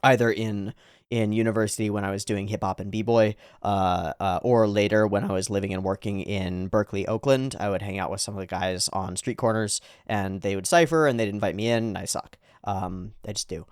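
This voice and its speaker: A man's voice: on the low side, a little fast, clean tone, dry recording, clean studio sound. A man giving casual, enthusiastic anime reaction commentary, chuckling often as he talks.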